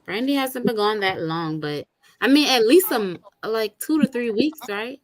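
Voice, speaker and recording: A woman hosting a casual chat, talking about online drama in a chatty, animated way with lots of slang. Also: a little high, moderate pace. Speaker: host.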